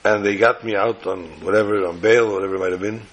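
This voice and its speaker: A man's voice: fairly low pitch, fairly even intonation, fast, natural voice. A man voicing a confiding Jewish man. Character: emotional grown Jewish man confessing his past.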